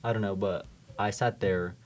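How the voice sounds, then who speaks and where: A man's voice: deep voice, steady tone, moderate pace, darkish tone. Easygoing young man chatting. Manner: easygoing, wry, trails off mid-thought. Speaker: podcast co-host. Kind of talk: casual chat.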